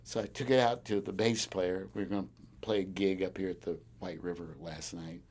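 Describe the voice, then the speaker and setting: Speaking a little fast in a low voice, a farmer in an oral history interview brings his stories to life by imitating the people in them and chuckling frequently. A recorder on a desk picks him up.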